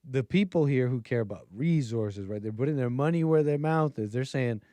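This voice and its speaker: Male stream host, casual rambling commentary full of fillers, medium pitch, dry close-mic sound. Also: lively intonation, a little fast, warm tone, no echo. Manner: rambling with many fillers and restarts, chuckling asides. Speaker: political commentary livestream host.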